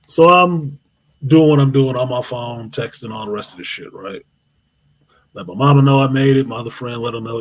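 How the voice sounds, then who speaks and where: A man hosting a live show, telling a long, profane story in an animated way. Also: medium pitch, a little fast. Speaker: host.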